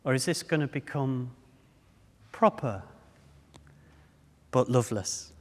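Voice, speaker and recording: A man's voice: mid-range voice, expressive, takes it slowly. A man in his fifties giving a public talk, telling humorous stories and speaking straight to the audience. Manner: humorous storytelling, addresses the audience directly. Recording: long reverb of a hall.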